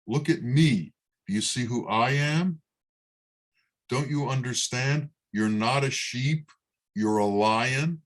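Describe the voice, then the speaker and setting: A man's voice: mid-range voice, takes it slowly, voice pushed up, lightly acted. A man doing a stern, urging male lion. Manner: urging, emphatic.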